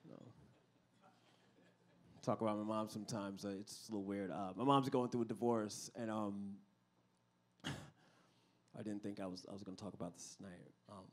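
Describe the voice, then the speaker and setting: A man's voice: on the low side, normal speed, pauses often. A man from New York City doing a conversational stand-up comedy set live on stage at a club. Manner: animated, conversational with the crowd.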